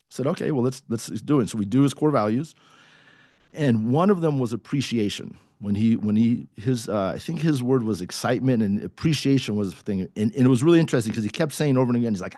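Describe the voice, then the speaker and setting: A man's voice: medium pitch, expressive, fast, darkish tone, dry recording, studio quality. A man, a core values coach, telling a personal story on a podcast in a casual way, acting out quoted dialogue with many restarts.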